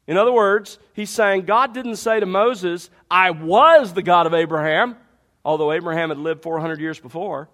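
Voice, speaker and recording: A man with a fairly high voice preaches a sermon. He teaches through a Bible passage with energy, leaning on emphatic rhetorical questions to drive each point home. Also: a bit bright. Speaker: pastor.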